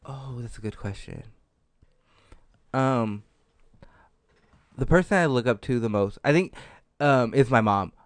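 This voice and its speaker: Guy answering personal stuff, kinda hesitant, smooth clear voice, dry mic. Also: medium pitch, a little slow, pauses often, dry recording. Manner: hesitant, earnest, lots of fillers. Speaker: podcast co-host being interviewed. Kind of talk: casual chat.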